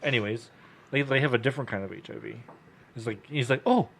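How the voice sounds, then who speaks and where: A young man co-hosting a podcast, telling a story in casual chat, animated, acting out the people he quotes, swearing and laughing often. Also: medium pitch, fast, breathy edge. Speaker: podcast co-host.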